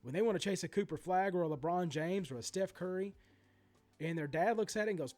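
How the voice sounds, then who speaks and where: Soft background music plays as a forties-aged sports card collector vlogs a rant about card prices, talking a little fast in a high voice. He curses freely, gets animated, and keeps detouring into asides and restarts.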